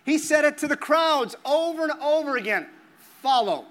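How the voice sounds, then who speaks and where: A male pastor delivers a sermon in a notably high, bright voice. He talks to the congregation in an earnest, conversational way and hammers points home by repeating phrases. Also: normal speed.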